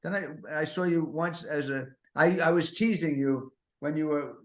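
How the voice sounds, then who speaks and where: A man's voice: fairly high pitch, moderate pace. An older man in his seventies hosting a podcast, rambling through comic stories full of self-mocking, neurotic asides. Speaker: podcast host. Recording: roomy echo.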